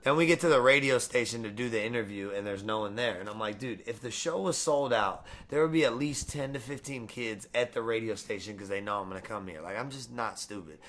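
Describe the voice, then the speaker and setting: A man's voice: on the low side, brisk, hardly any pauses, a bit bright. A man guest in a casual interview, hyped and profane, full of slang and swearing. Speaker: musician guest.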